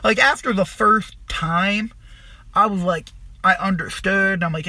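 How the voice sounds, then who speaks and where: A man with a high, bright, slightly husky voice tells a long personal story on his podcast. He rambles, swears freely and leans on fillers, and the sound is close and dry. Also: moderate pace, no echo. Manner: rambling, profane, with many fillers. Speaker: podcast host.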